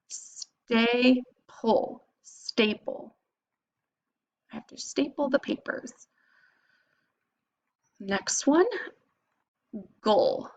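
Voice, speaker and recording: With a mid-range voice, a woman teacher works through phonics with young students, sounding out syllables in a slow, clear, patient way. There is slight noise in the background.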